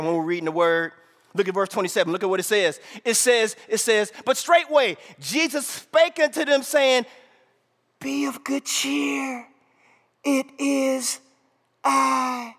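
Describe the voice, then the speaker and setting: Male preacher, sermon, very high voice, bright and sharp, keeps asking "right?", long hall reverb. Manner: call-and-response, repeats "right?" often, swings from shouts to hushed asides. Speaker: pastor.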